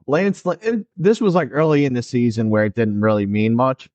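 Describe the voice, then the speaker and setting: A male podcast co-host chats casually about sports and tells stories with energy, often acting out what players said. His voice sits at a middle pitch. The recording is dry and a little dull. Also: fast, few pauses, dry recording. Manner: animated storyteller, acts out players' lines.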